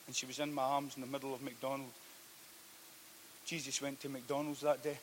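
A man preaching a sermon, telling a story that swings from hushed to loud. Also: medium pitch, level tone, moderate pace, long pauses, slight background noise. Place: church hall.

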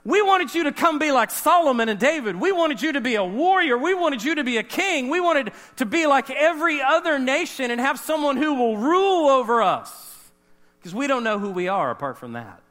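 A group of alarmed male disciples cries out in protest, as a preacher acts them out. The voice rides high and bright, pleading and raised in pitch. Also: very animated, fast talker, few pauses.

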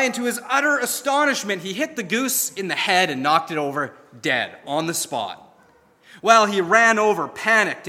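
A male pastor delivers a sermon, speaking earnestly and stressing his key points. His voice sits a bit high and sounds bright and forceful. The sound carries the long reverb of a large hall. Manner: earnest, emphatic storytelling.

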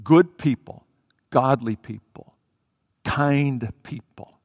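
Animated preacher in a reverberant hall. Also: male voice, medium pitch, takes it slowly, studio quality. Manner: animated, acting out the story, swinging between loud and soft. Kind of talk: sermon.

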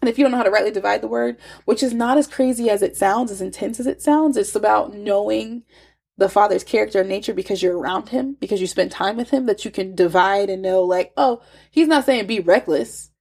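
A woman's voice: medium pitch, quick pace, gravelly, a little mellow, breathy edge. A woman giving a casual, emphatic devotional teaching with chatty asides, her nose stuffy and congested. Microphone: phone.

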